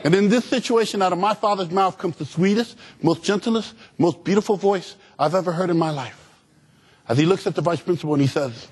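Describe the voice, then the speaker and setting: A man giving an energetic, humorous motivational speech to students, calling out to the crowd for answers. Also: sits high, brisk, husky. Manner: animated, humorous, call-and-response with audience. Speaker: motivational speaker.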